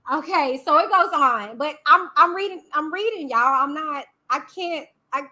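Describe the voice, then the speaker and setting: Sassy high-voiced woman streamer. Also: animated, moderate pace, pushed and bright. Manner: sassy, chatty, talks back to chat. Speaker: YouTube host. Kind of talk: casual live-stream commentary.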